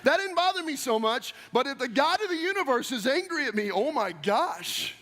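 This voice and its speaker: A male pastor delivers a sermon in a strikingly high, somewhat bright voice, pushing hard and fast with lively intonation. He keeps firing direct questions at the congregation, and his words echo with long reverb through a large church sanctuary.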